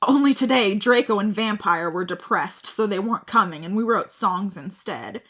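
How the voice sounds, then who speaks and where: A woman's voice: mid-range voice, expressive, moderate pace, a bit bright. A woman co-hosting a podcast, reading fan fiction aloud with theatrical delivery, giggling and joking between lines. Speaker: podcast co-host.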